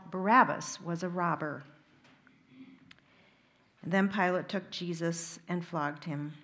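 A woman reading a Gospel passage aloud in a liturgy, steady and deliberate. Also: on the low side. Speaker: reader.

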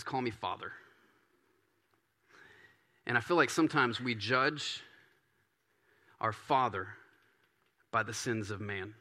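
A man preaching a sermon in a relaxed, conversational way, often acting out prayers in a softer voice. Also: medium pitch. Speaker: pastor.

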